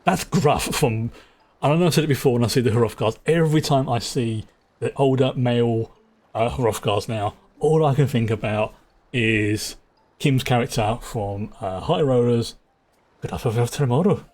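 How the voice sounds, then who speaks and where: Brief: London streamer, husky mid-pitch voice, rambling casual game talk. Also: male voice, moderate pace, a little mellow. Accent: London English. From England. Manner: rambling, chatty, with frequent restarts. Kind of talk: casual gameplay commentary.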